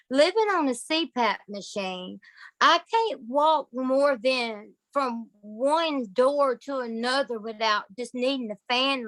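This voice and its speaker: Woman, storyteller, emphatic and folksy, higher voice, dry close sound. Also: a bit bright, no echo. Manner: folksy, emphatic, addresses listeners as y'all. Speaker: guest sharing testimony. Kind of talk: personal storytelling.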